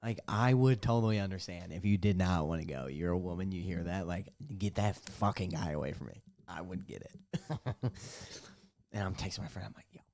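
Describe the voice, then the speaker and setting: Speaking at a moderate pace in a low, darkish voice, a young podcast host records a casual solo episode while sitting in his bathtub at home. His story wanders, full of swearing and jokes at his own expense.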